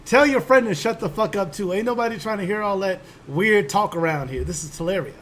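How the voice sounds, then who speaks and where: Here is a cocky young twin in armor, as a man plays him, brushing people off with crude, contemptuous talk. His voice sits high, with a faint hiss of background noise behind it. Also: brisk, a bit bright. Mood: dismissive. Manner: rude, dismissive, swearing.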